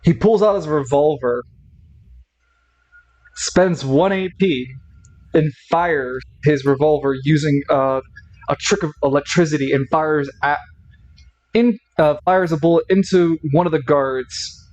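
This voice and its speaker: A man's voice: fairly high pitch, measured pace, long pauses, darkish tone, muffled recording. A man narrating a tabletop role-playing game as game master, often stopping and restarting while he checks the rules.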